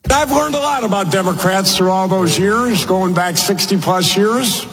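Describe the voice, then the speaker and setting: A man's voice: sits high, normal speed. A man, likely in his sixties, giving a folksy, emphatic political speech, scolding members of his own party. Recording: clip played from a reverberant venue.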